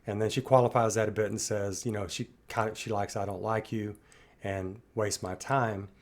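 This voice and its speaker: A middle-aged man giving a reflective, loosely rambling commentary monologue, thinking out loud as he talks. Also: on the low side, flat delivery, moderate pace. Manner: thoughtful, musing, loosely rambling. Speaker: reaction commentator.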